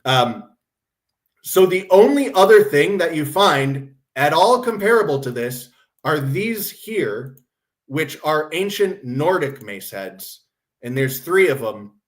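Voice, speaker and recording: A man with a slightly high speaking voice hosts a casual stream, talking in a blunt, sardonic way. He swears freely and mocks what he describes. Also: animated, slow pace. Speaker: host.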